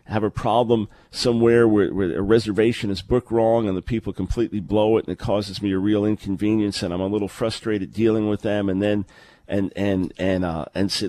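A man's voice: lowish voice, steady tone, a little fast, mellow, no echo. A man hosting a live call-in radio talk show, speaking earnestly and conversationally, often repeating a word as he starts a sentence. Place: remote location, early morning.

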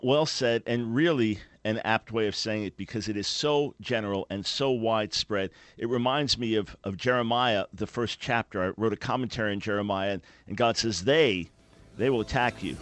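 A man with a light New York accent hosting a radio talk show, questioning his guest in an animated, emphatic way. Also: medium pitch, brisk, hardly any pauses, dry recording, faint music behind. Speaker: radio host.

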